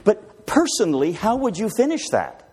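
A man's voice: high voice, normal speed, breathy edge. A man preaching a sermon, asking his listeners rhetorical questions. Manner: animated, rhetorical questions to the congregation.

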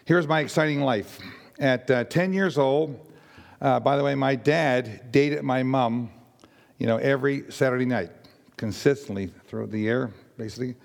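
Raspy older man telling his testimony. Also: mid-range voice, long reverb tail. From Nova Scotia. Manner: rambling, halting storyteller with many fillers and restarts. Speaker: church member giving testimony. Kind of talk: personal testimony to a congregation.

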